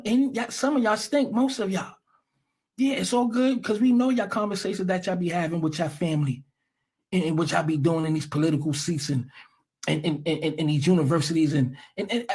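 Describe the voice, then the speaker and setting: A man's voice: high-pitched, husky. A man from the United States giving blunt, profane reaction commentary in a heated rant.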